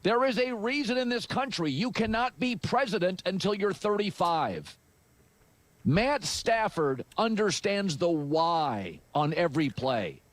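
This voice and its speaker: Measured male analyst, lively pitch. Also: no echo. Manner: measured, argumentative, uses analogies. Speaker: sports analyst. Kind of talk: played commentary clip.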